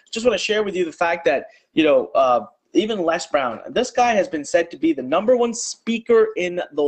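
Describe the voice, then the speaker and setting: Male marketing speaker, husky and a touch high, animated motivational storyteller. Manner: animated storytelling, acting out his own panic. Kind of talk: motivational sales talk.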